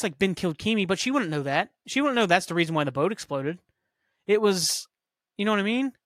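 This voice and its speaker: A man's voice: high voice, no echo, studio quality. A man hosting a podcast, chatting casually and rambling through a TV recap with lots of fillers and some swearing. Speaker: podcast host. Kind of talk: casual solo recap chat.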